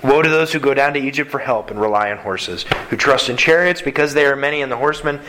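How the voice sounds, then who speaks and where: A man preaching a sermon as pastor, earnest and animated, with quick asides between scripture readings. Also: medium pitch, noisy background.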